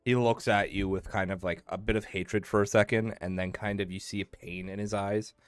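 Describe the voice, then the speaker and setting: A man's voice: lowish voice, steady tone, brisk, smooth, soft background music. A man running a tabletop role-playing game as game master, casual with many fillers and laughs.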